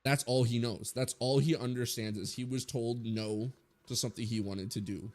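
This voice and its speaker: A man's voice: mid-range voice, fairly even intonation, moderate pace, a little mellow. A man in his twenties giving a blunt, rambling opinion rant full of swearing, as a streamer talking to his viewers.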